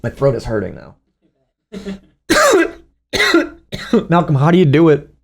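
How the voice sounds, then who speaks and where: A man's voice: on the high side, huge pitch swings, takes it slowly, vocal fry, slightly rough. A man giving casual reaction commentary as a streamer, profane and mocking, laughing often.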